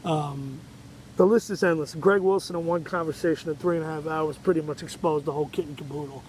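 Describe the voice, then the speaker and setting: A man's voice: a little high, fairly even intonation, fairly quick, a little mellow, a little hiss or hum, low-quality recording. A man, hosting his own show in a rambling, profane, agitated monologue rant. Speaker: show host. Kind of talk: ranting monologue.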